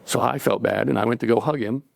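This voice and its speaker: A man's voice: mid-range voice, fast talker, vocal fry. Man telling a story live, conversational. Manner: conversational, acting out dialogue, chuckling between lines. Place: cafe event stage.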